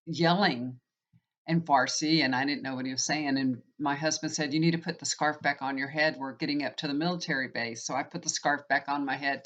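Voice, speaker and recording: A woman's voice: low voice, fairly bright tone. A woman in her fifties, a tarot reader, telling a rambling personal story in a chatty, casual way. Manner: chatty, rambling, frequent "you know". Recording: dull lo-fi recording.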